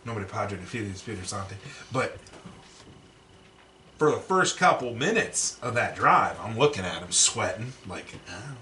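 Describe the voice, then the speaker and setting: This podcast co-host has a fairly low voice and speaks at a moderate pace, sitting far from the mic. He tells stories in casual chat, animated and profane, laughing often and acting out quotes. The recording has a roomy echo, sounds a bit off-mic, and carries faint background noise.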